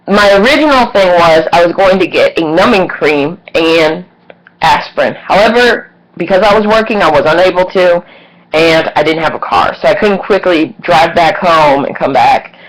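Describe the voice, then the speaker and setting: A woman's voice: on the low side, low-quality recording. A woman vlogger telling a personal story candidly and casually, swearing and acting out what others said. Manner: candid, swearing, animated retelling with quoted voices.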